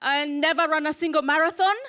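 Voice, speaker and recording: A woman from Kenya performing a stand-up comedy set on a club stage, with punchy deadpan delivery and pauses for laughs. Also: high-pitched, background noise.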